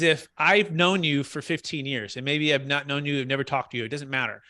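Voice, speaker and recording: Energetic, bright-voiced male sales coach. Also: on the high side, a little fast. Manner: energetic, emphatic, keeps checking in with "right?". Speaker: sales trainer. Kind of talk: coaching on a practice cold call.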